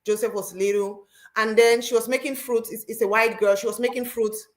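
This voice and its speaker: Woman hosting, fairly high pitch, lively storyteller who repeats phrases. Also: brisk. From Cameroon. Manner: animated storytelling, repeats herself. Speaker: host. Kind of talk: casual chat.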